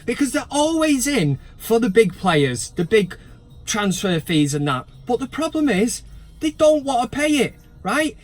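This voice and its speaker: A man hosting a fan channel, talking in a sweary, sarcastic, animated rant. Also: very high-pitched, a little slow. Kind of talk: ranting casual vlog.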